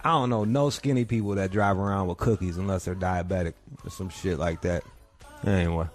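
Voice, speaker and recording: A man's voice: low voice, fairly even intonation, a little fast, faint music behind. A man hosting a podcast from home, telling profane, rambling comic stories. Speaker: podcast host. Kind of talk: crude comedic rant. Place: home couch.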